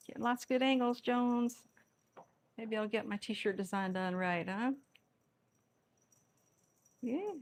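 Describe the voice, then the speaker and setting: A woman with a slightly high voice speaks slowly, pausing often, as she teases her rescue cats and laughs along with them. She's a cat rescue vlogger filming on a tripod camera in an indoor room, talking casually to the cats while they play.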